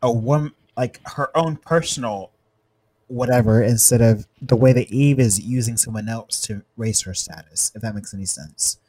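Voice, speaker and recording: A man in casual chat, mid-pitched and dry-sounding, spilling ideas with lots of "like" fillers. He comes across as an engaged co-host. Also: moderate pace, warm tone, no room sound. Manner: chatty, full of "like" asides. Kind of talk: casual discussion.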